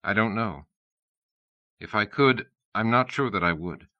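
A man playing a concerned corporate executive who speaks in a measured, evasive, solicitous way. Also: lowish voice, animated, no echo, muffled recording.

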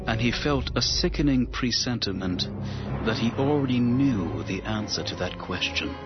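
Expressive male audiobook narrator. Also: mid-range voice, normal speed. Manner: dramatic, expressive. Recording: dull recording with music underneath.

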